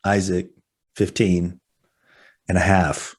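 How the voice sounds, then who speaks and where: A man's voice: sits low, little pitch movement, slow. A man in his forties, co-hosting a casual podcast. He tells stories with energy and acts out his own panicked lines. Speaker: podcast co-host.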